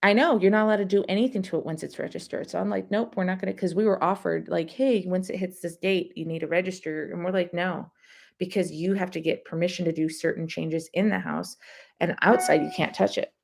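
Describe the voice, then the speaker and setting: A rambling woman hosts a relaxed live-stream chat, answering her viewers' comments between stories. Her voice sits low and carries a gravelly fry. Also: brisk.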